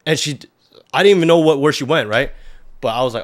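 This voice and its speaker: A man's voice: on the high side, fast, fairly bright tone. A young adult man, a podcast guest, telling a personal story in a rambling, casual way full of filler words and restarts.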